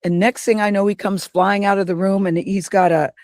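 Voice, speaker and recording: A woman as an interview guest, telling a personal story in a lively way and acting out what people said. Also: medium pitch, fairly quick, dry recording, studio quality. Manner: animated, acts out quotes. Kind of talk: anecdotal storytelling.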